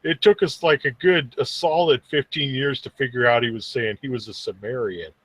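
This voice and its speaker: A man's voice: mid-range voice, normal speed, fairly bright tone, no echo. A man hosting a casual podcast chat, rambling easily through stories with stammers and restarts.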